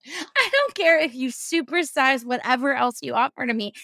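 Woman host, higher than average, animated casual chat with cursing commentary. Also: moderate pace, dry recording. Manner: animated, swearing, sarcastic asides. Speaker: podcast host. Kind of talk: casual chat, reading a news story.

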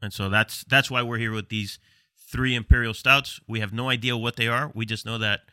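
A middle-aged American man co-hosts with a very bright, forward voice. He talks in casual, chatty bursts full of quick asides. The sound is close and dry. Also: medium pitch, fairly even intonation, no room sound. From United States. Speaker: co-host of a cigar and beer pairing show. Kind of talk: casual chat.

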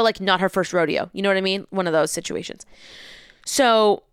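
A young woman telling a story in a lively, casual way, acting out the people in it and swearing freely. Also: mid-range voice, clear, resonant tone, no room sound, clean studio sound. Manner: animated, acts out voices, swears freely.

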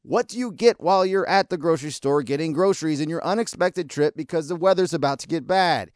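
An American man hosting a podcast, ranting sarcastically and scolding his listeners, at times in a mock calm, soothing voice. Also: on the high side, fairly quick, dry recording, studio quality. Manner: sarcastic, scolding and exasperated, hurling insults; mock calm and soothing delivery that breaks into outbursts. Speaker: podcast host. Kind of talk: ranting opinion segment.

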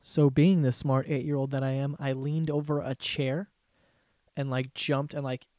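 A man's voice: medium pitch, little pitch movement, moderate pace, mellow, no echo, studio quality. A young man rambling through profane, laugh-filled stories as the host of a casual comedy podcast.

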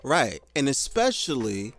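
A man's voice: mid-range voice, sing-song, measured pace, vocal fry, fairly bright tone, soft background music. A man co-hosting a casual chat, blunt and indignant, swearing for emphasis.

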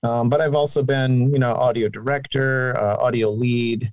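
A man telling his career story as an interview guest, animated and chatty, his voice jumping up when he quotes people. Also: normal speed, smooth, no room sound, lo-fi sound. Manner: animated, with sudden pitch jumps. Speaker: guest, game sound designer and singer.

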